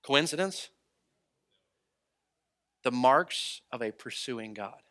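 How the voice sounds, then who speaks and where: A man who is a traveling preacher, telling stories in a sermon in an animated way and acting out the people he quotes. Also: medium pitch, slow. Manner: animated storytelling, acts out quoted voices. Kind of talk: storytelling sermon.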